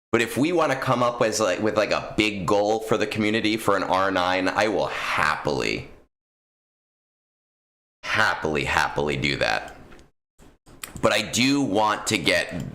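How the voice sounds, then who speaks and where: A man's voice: low voice, sharp tone. A man streaming a game, chatting casually with viewers in a rambling way full of fillers. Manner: rambling, filler-heavy, talks to chat. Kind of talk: casual gaming stream chat.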